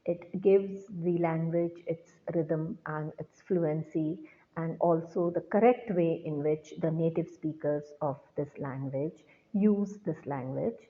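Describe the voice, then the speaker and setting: A woman teacher giving a recorded lecture, explaining slowly and deliberately to students. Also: sits low. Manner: slow, deliberate classroom explanation. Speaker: English teacher. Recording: tinny phone-like sound.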